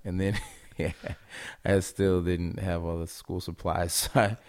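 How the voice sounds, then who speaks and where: A man's voice: low-pitched, flat delivery, measured pace, a little mellow, smooth. A young man from Seattle, chatting casually as a podcast guest, rambling and laid-back with lots of filler words and frequent laughs.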